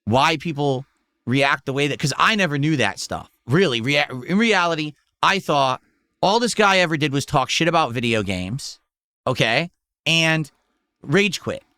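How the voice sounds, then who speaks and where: A man's voice: on the high side, lively intonation, moderate pace, bright, forceful tone, no room sound. A man streaming live, giving casual reaction commentary in an incredulous, exclaiming way.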